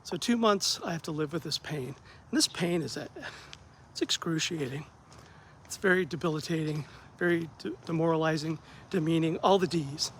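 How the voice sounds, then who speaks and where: In a relaxed vlog, a male therapist tells the story of his rough day, animated and self-deprecating, acting out the dialogue of the people involved. His slightly high voice leaps as he quotes them, he talks at a normal speed, and a faint hum sits beneath the audio.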